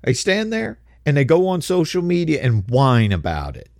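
A man's voice: fairly high pitch, wildly swooping pitch, normal speed, creaky, darkish tone, dry recording, studio quality. A man giving a heated, emphatic opinion monologue, stumbling on repeated words when worked up. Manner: heated, emphatic, with mocking impressions of others; repetitive restarts when worked up. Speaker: commentator.

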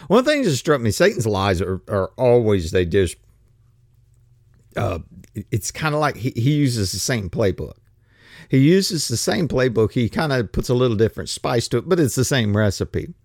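Man, casual sermon delivery, rambling and sarcastic, very lively intonation. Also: on the high side, moderate pace, no echo, studio quality. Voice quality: rambling, stumbling restarts, sarcastic. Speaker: preacher.

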